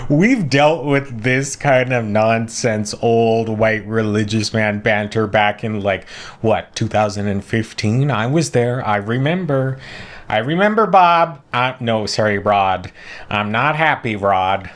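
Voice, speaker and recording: A man's voice: fairly low pitch, unhurried. Sarcastic man reacting to a clip. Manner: sarcastic, animated, laughs and interjects. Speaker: commentary host reacting to a clip. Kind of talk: casual reaction commentary.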